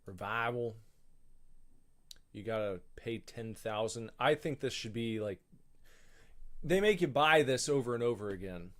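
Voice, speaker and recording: A man's voice: mid-range voice, unhurried, long pauses. A man giving casual, rambling commentary while streaming a video game, thinking aloud and grumbling as he goes. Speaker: gaming streamer.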